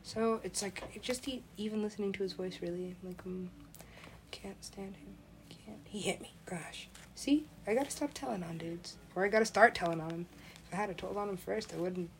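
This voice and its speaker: A woman's voice: mid-range voice, brisk, a little hiss or hum. A young adult woman, a parent, rambling in a loose monologue, laughing often, swearing freely and acting out the voices she quotes.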